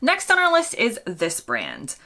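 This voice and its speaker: Woman host, bright tone, playful explainer delivery. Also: a little high, huge pitch swings, measured pace. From United States. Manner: playful, chatty, teasing. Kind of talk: scripted explainer vlog.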